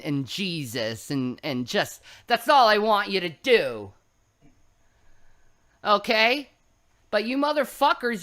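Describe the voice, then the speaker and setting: Woman, religious streamer, scolding profane sermon-rant, bright cutting tone. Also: medium pitch. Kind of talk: ranting preachy monologue.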